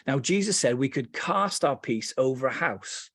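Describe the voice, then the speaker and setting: A British-accented man with a mid-range voice teaches meditation, telling lively stories sprinkled with playful asides before slowing down and softening into calm guidance. The studio sound is clean and dry.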